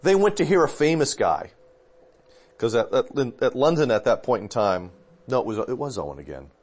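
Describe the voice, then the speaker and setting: Speaking at normal speed with a medium-pitched voice, a man who is a pastor discusses theology casually. His manner is relaxed and meandering, full of fillers and self-corrections as he remembers details.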